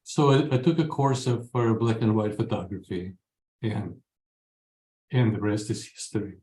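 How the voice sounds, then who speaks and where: A man in his sixties from Ukraine, a guest telling his story in an interview, earnest and halting with many pauses. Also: fairly low pitch, warm tone. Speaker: guest, photographer. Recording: echoey room.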